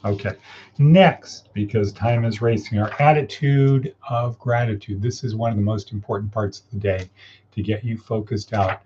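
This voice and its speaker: A man's voice: on the low side, steady tone, normal speed, warm tone, lo-fi sound, slight background noise. A man hosting a casual morning coaching livestream, upbeat and encouraging as he reads viewer comments and guides listeners through steps.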